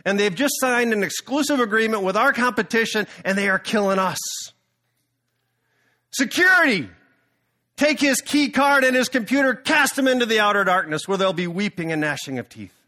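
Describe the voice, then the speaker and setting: A man playing a male CEO who proclaims and shouts, loud and forceful. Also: sits high, a little fast, hardly any pauses, voice pushed up. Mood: furious. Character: booming male CEO, jubilant then furious.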